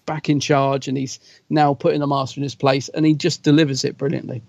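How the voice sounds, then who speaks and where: A man's voice: mid-range voice, level tone, brisk, gravelly, a little mellow, no room sound. A man from Britain co-hosting a podcast, chatting in a rambling, chatty way with frequent laughs. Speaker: podcast co-host. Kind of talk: casual chat. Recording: dull, lo-fi sound.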